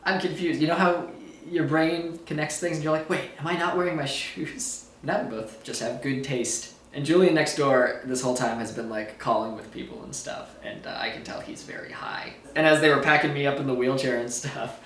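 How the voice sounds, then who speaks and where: A man's voice: mid-range voice, brisk, a bit bright, slight background noise. Young male vlogger, groggy and giggling as he rambles, recorded at a distance from the mic. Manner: rambling, giggly, loses his thread. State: sore throat, groggy after surgery. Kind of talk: casual storytelling vlog. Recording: echoey room, a bit far from mic.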